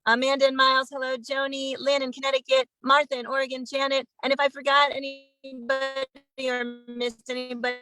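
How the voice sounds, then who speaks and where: A woman hosting an online sing-along, warmly greeting viewers one by one over a phone video call. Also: high-pitched, flat delivery, a little fast, soft background music, rough recording. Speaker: host.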